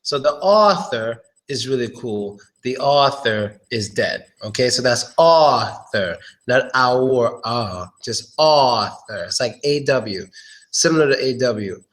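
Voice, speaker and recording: A man teaching English pronunciation in a casual live online lesson. He talks in a loose, chatty way, repeats words and often clears his throat. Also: mid-range voice, animated, takes it slowly, a bit bright, rough recording.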